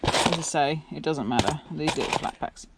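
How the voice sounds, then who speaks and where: An English scrapping vlogger chats in a rambling way while tearing down electronics, putting questions to her viewers. Her low voice moves at a moderate pace over heavy background noise.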